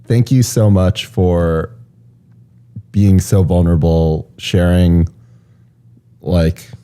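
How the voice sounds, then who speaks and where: A man with a low, very dark-toned voice hosts a podcast. He winds up the interview with thanks, stopping and restarting his sentences now and then. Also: fairly even intonation. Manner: warm thanks with halting restarts. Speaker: podcast host. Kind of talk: closing an interview.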